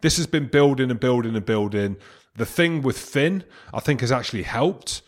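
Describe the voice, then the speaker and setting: A man's voice: medium pitch, expressive, normal speed. A Scottish man co-hosting a podcast, chatting casually and joking with his co-host. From Scotland. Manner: jokey, laughs easily, banter. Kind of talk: casual chat.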